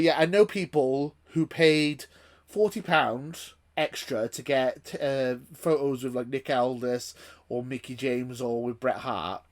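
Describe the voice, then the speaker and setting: A man hosting a YouTube channel, ranting in a casual vlog with frequent restarts and swearing. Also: mid-range voice.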